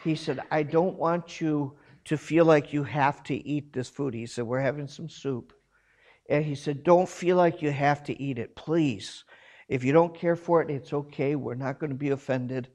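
A man's voice: on the high side, moderate pace. A man who grew up in South Korea, a missionary telling a funny anecdote and acting out the people in it. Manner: animated anecdote with quoted voices, chuckling. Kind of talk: storytelling talk.

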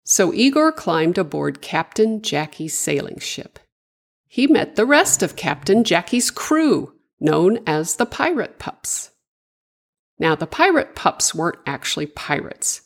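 A woman reading a children's story aloud in an expressive, sing-song way. She speaks slowly, with a breathy, lower voice. Her intonation swings widely across each line.

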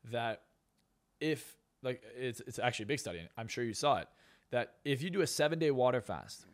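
Fast-talking blunt man on a podcast. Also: on the low side, vocal fry. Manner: blunt, profane, emphatic storytelling. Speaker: hypnotist and success coach, podcast guest. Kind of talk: casual podcast interview.

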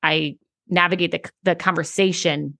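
A woman co-host in a casual chat, emphatic and quick to agree. Her voice sits low with a strong vocal fry, and the dry recording has no room echo. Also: steady tone, pushed and bright. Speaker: podcast co-host, hairstylist.

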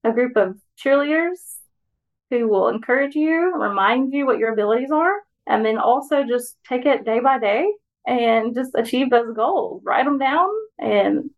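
A woman speaks in an earnest, steady way as a podcast guest. Her voice sits a touch high, and her tone stays encouraging. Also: unhurried, narrow, tinny audio. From Alabama, US. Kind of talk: personal reflection in conversation.

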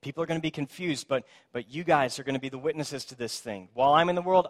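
A man preaching a sermon, telling the scripture story in a conversational, animated way and acting out the people in it. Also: a little high, fast talker. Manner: conversational, asks "right?".

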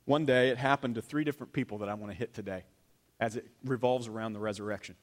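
A man preaching a sermon in a church, animated, swinging between loud emphasis and hushed near-whispers. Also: mid-range voice, fast. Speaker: pastor.

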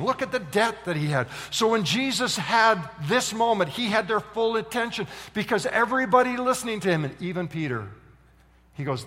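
A man preaching a sermon, telling a story with animated voices for its characters. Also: high voice, a little fast. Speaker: pastor. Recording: long hall reverb.

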